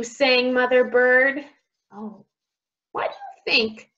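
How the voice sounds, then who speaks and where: A woman speech teacher reading a picture book aloud to young children, sounding out words slowly and with exaggeration. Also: fairly high pitch, fairly bright tone, lo-fi sound.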